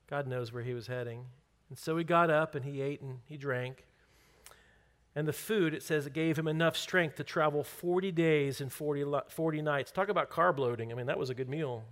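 A man's voice: a little high, fairly bright tone. A man preaching a sermon in a conversational, joking way. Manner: conversational, joking, drawn-out stresses. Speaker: pastor.

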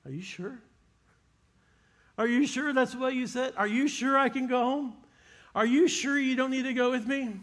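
A man's voice: very high-pitched, moderate pace, few pauses, fairly bright tone, pitched above the performer's own voice. A man preaching, voicing a desperate father who begs for his dying son to be healed. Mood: doubting. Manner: urgent, pleading.

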